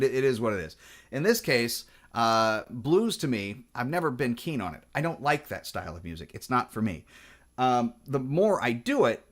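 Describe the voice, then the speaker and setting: A man's voice: mid-range voice, fairly bright tone. A man with a Pacific Northwest accent chatting casually about guitars in a digressive way, full of restarts and fillers. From Washington State. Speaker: guitar vlogger. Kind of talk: rambling casual chat.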